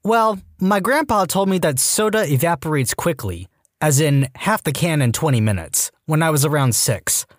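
A man narrating a series of online posts in an expressive, read-aloud style. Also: on the high side, moderate pace, no echo, studio quality. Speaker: narrator reading Reddit posts.

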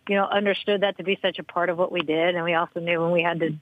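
A woman guest on a podcast, telling lively stories in casual chat and acting out the quotes. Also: racing, narrow, tinny audio. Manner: animated, acts out quotes with big pitch jumps. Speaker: podcast guest, former soccer player.

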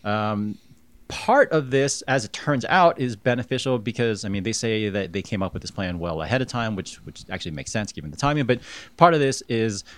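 A man's voice: fairly low pitch, expressive, fairly quick. A man co-hosting a bike podcast, talking casually with frequent restarts and fillers. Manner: hesitant, restarts often. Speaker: podcast co-host.

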